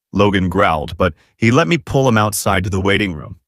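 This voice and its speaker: Low, expressive male audiobook narrator. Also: brisk, few pauses, dry recording, clean studio sound. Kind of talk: first-person romance novel narration.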